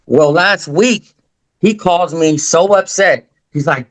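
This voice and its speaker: A man telling a casual story on a video call, rambling and slangy, and he slips into the voices of the people he quotes. His voice sits a bit high for a man. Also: a little slow, fairly bright tone, rough recording. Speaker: new real estate agent.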